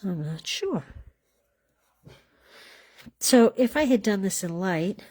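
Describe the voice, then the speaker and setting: A woman's voice: medium pitch, very animated, slow pace, warm tone. A woman hosting a live card-making class from home, chatting casually as she colors and assembles cards, often trailing off mid-sentence. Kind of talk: casual live craft demonstration.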